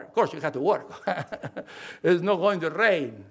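An older man, a pastor, preaching a sermon with fervent emphasis, halting starts and repeated phrases. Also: a little high, lively intonation, breathy edge.

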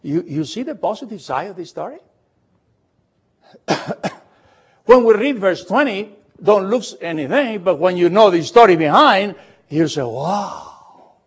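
A man preaching a sermon and retelling a Bible story in a lively storytelling way, often asking the congregation questions. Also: high-pitched, unhurried, pauses often, breathy edge, lo-fi sound.

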